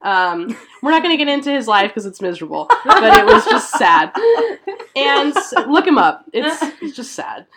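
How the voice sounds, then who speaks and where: A woman's voice: sits high, very animated, moderate pace, over a noisy crowd. A woman hosting a podcast, telling history in a chatty storytelling way with lots of fillers. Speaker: podcast host. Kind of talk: casual art history chat.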